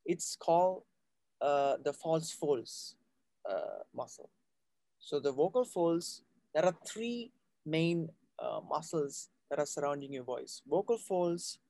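A man's voice: on the high side, darkish tone, no echo. A man teaching a live voice class, explaining patiently and often checking in with his students. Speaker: voice coach.

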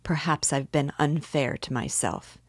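A woman's voice: low voice, unhurried, creaky, dry recording, clean studio sound, heavily acted. A woman voicing a tormented young male murderer in a storybook reading, speaking with anguished bitterness. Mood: grim.

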